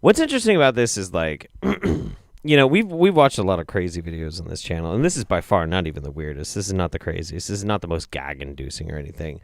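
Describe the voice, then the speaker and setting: A young man hosting a comedic video roundup, reacting with profane, exasperated commentary that swings between low mutters and loud outbursts. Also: animated, fast talker, no echo, clean studio sound. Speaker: show host.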